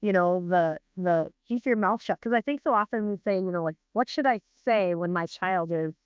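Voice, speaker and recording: A woman's voice: fairly low pitch, moderate pace, clean tone, no echo, highs cut off. A woman hosting a podcast, responding reflectively to her guest. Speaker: podcast host. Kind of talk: conversational interview.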